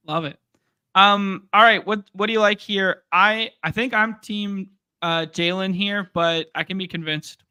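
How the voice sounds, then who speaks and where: A man co-hosts a relaxed podcast, mostly chiming in with short replies and easy laughs. His voice is bright and crisp. The sound is dry and close. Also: high voice, measured pace, no room sound. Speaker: podcast co-host. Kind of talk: casual chat.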